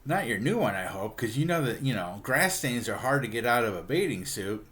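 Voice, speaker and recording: A man's voice: medium pitch, sing-song, brisk, a bit bright. A man voicing a fussy, worried middle-aged mother who talks in a hesitant, anxious way.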